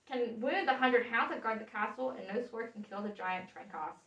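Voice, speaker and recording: A woman's voice: fairly high pitch, normal speed, fairly bright tone, dull audio, lightly acted. A woman voicing a clever young captive princess in a fairy tale reading, speaking earnestly. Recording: echoey room, voice from far off.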